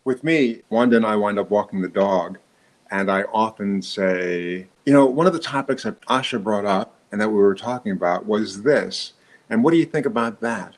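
A man's voice: fairly low pitch, moderate pace, low-quality recording. A middle-aged man co-hosting a casual chat podcast. He tells stories with jokes and heavy emphasis. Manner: animated storyteller, jokey, exaggerated emphasis. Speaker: podcast co-host.

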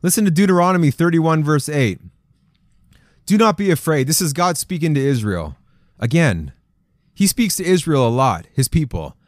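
A man preaching with a high voice that swings widely as he presses each promise home. His delivery is fervent and repetitive, and the recording is close and dry. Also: animated, moderate pace, dry recording. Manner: fervent, repetitive, rising emphasis on quoted promises. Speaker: podcast preacher. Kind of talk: preaching to men, reading scripture.

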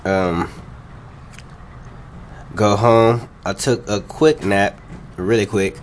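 A man's voice: on the low side, steady tone, extremely slow, slight background noise. A man co-hosting a podcast, telling long, laid-back stories full of casual swearing. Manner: laid-back, profane, rambling anecdotes. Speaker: podcast co-host. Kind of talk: casual storytelling chat.

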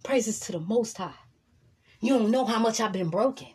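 Woman vlogger, husky voice, emphatic and profane, sermon-like repetition. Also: on the high side, lively intonation, normal speed, a little mellow. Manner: repeats lines for emphasis. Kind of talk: motivational monologue to camera.

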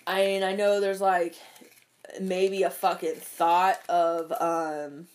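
A woman's voice: lowish voice, little pitch movement, slow pace, a little mellow. Young woman venting, swears a lot, rambling with fillers, casual rant. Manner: profane, rambling, lots of fillers.

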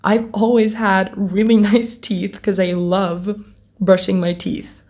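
A woman's voice: mid-range voice, flat delivery, slow, a little mellow. A teenage girl chatting casually to camera as a vlogger, rambling, giggling often and swearing offhandedly. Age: teens.

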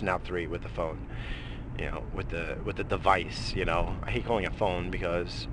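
A man's voice: sits low, moderate pace, noisy background. A man hosting a radio show, rambling casually with lots of swearing and fillers. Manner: profane, rambling, many fillers.

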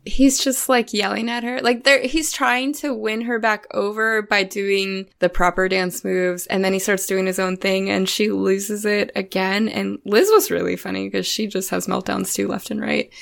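Chatty giggly woman with a creaky voice. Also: medium pitch, level tone, moderate pace, few pauses. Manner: chatty, giggly, many fillers like "like". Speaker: podcast co-host. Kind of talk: casual film podcast chat.

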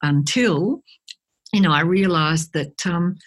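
A woman, a guest speaker chatting in an interview and telling lively stories, acting out the voices of people she quotes. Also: lowish voice, slow pace. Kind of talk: conversational interview.

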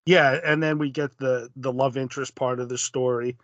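A man casually discussing a comic on a podcast. He speaks in a measured way, and his voice trails off softly at the ends of his thoughts. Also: mid-range voice, steady tone, no room sound, highs cut off. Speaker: podcast co-host. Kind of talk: casual chat recapping a comic.

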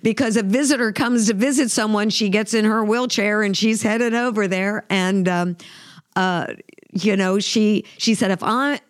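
Speaking at a moderate pace with a medium pitch and fairly even intonation, a middle-aged woman recounts something personal on the faith podcast she co-hosts. She's emotional and earnest, often restarting and using fillers. It's a dry, studio-quality recording.

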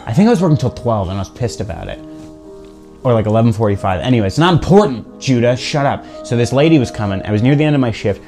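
A man's voice: mid-range voice, lively intonation, fast, a little mellow, soft background music. A young man co-hosting a casual podcast chat, telling stories and acting out the people in them. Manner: storytelling, acts out customers in funny voices. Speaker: podcast co-host.

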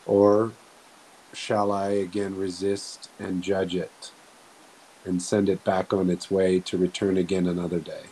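A man talking slowly and earnestly in a reflective spiritual way, often restarting his sentences. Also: sits low, little pitch movement, low-quality recording. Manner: slow, soft-spoken, earnest, with frequent restarts. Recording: faint hiss.

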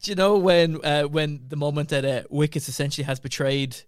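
A man's voice: fairly high pitch, brisk, clear, resonant tone, no echo, clean studio sound. A man in a casual film discussion, rambling with many restarts and a playful tone.

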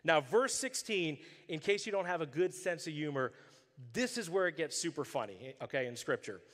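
A man's voice: on the high side, moderate pace, big-room sound. A male pastor preaching a sermon, telling stories with animation and acting out the characters' voices. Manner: animated storytelling, acts out voices.

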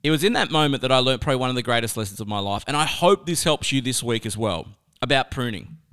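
A young man telling a personal story with a lesson, chatty and animated, often laughing as he talks. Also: mid-range voice, quick pace, smooth. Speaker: speaker sharing a life lesson.

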